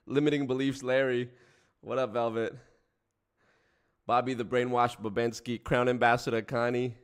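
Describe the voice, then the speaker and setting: A man's voice: medium pitch, clear, resonant tone. A man hosting a casual livestream, chatting with viewers, breaking into frequent laughter and swearing casually. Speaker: streamer host.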